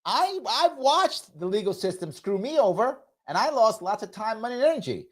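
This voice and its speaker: A man's voice: high-pitched, normal speed. Guy hosting a live political show, snarky and mocking, voice bounces all over the place. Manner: sarcastic, mocking, animated. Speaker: host.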